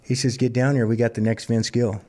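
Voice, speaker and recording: A man in his fifties from Montana, a singer-songwriter telling plainspoken stories in a relaxed interview. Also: mid-range voice, a little fast. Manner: relaxed, plainspoken anecdotal storyteller. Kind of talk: conversational storytelling interview.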